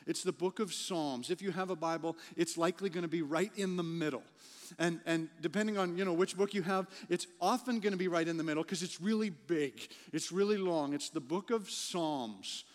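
A man's voice: on the high side, normal speed. A man preaching a sermon as a pastor, conversational, repeating words as he builds a point. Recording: long hall reverb.

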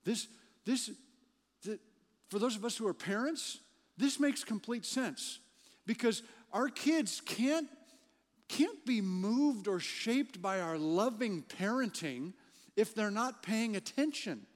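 A man's voice: high voice, animated, slow pace. A man preaching a sermon as a pastor, conversational, repeating words as he builds a point. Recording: long hall reverb.

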